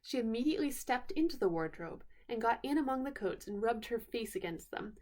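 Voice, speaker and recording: A woman reading a bedtime story aloud in an unhurried way, pausing now and then to explain words. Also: fairly high pitch, expressive, a little mellow.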